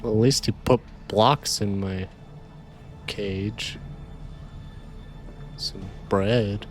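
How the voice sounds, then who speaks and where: A man's voice: on the low side, fairly even intonation, very slow, faint music behind. A man giving casual, playful commentary as he plays a horror game, joking and talking to himself. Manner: playful, jokey, talks to himself. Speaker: let's play host.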